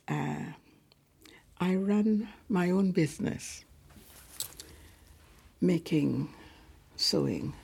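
An elderly woman, a lay preacher, recalls her past in a deeply husky, breathy voice full of gravelly fry. She talks slowly and softly, often sinking almost to a whisper. She is recorded inside a large cathedral. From Guyana. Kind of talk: personal storytelling.

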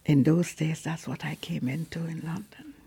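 A woman around ninety from Guyana, a lay preacher telling her life story softly, often dropping to a whisper, in a large cathedral. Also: low voice, fairly even intonation, moderate pace, vocal fry, slightly rough. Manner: soft-spoken, often sinking to a whisper. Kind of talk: personal storytelling.

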